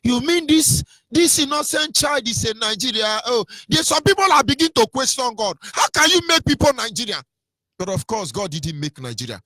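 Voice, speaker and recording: Fired-up radio host guy, high voice, swoops all over, preachy and mocking. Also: expressive, brisk, bright, forceful tone, dry recording. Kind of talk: impassioned radio commentary.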